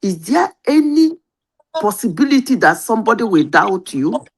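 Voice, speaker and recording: Nigerian woman, panel host, animated rise and fall in pitch, insistent, Pidgin mixed in. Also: normal speed, breathy edge. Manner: insistent, lively, mixes Pidgin and English. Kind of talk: heated political panel debate.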